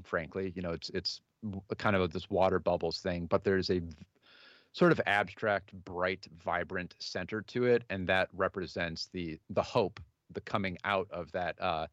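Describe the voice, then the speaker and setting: Man, 30s, very deep voice, halting speech, lots of fillers, musician guest, dull dry audio. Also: a bit bright, dry recording. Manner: halting, many fillers and restarts. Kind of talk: casual interview answers.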